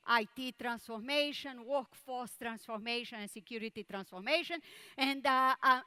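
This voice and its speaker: Slow, bright-voiced woman giving a keynote. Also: sits high. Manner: measured, deliberate, repeats words for emphasis. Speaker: conference keynote speaker. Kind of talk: keynote speech with storytelling.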